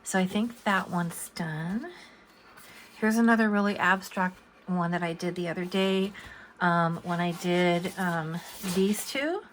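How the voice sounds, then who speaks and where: An older American woman, a coloring book artist, talks casually at her drawing desk at home, rambling and hesitant with many fillers. Her voice is on the low side, fairly even in intonation and measured, with a little hiss or hum.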